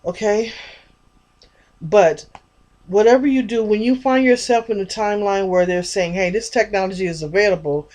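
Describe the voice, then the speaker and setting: A woman's voice: mid-range voice, normal speed, darkish tone. A woman vlogger talking in a rambling, chatty monologue about spiritual ideas, addressing her viewers directly.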